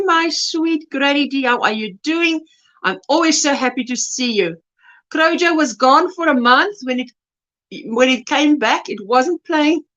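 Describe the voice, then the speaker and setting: A woman's voice: high voice, highs cut off. A South African woman hosting a crochet livestream, casually greeting viewers and reading their chat messages aloud. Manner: warm greetings, reads chat messages aloud, laughs often.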